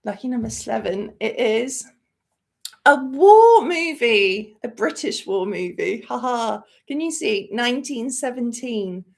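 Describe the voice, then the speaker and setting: A woman's voice: a little high, measured pace, vocal fry, hardly any pauses. A woman hosting a movie channel in a live-stream chat, talking emotionally and rambling with many fillers. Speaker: host of a movie review channel.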